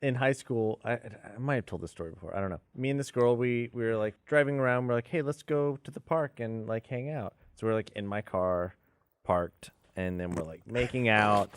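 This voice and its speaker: A man's voice: on the low side, normal speed, a little hiss or hum. A man co-hosting a podcast, telling a story in a laid-back, rambling way full of fillers. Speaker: podcast co-host. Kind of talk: casual anecdote telling. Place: podcast studio.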